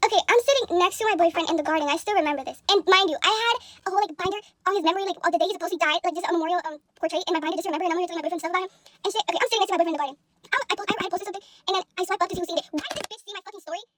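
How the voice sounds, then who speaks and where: A young woman telling a casual storytime into a phone, animated and profane, with lots of fillers. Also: very high-pitched, very fast.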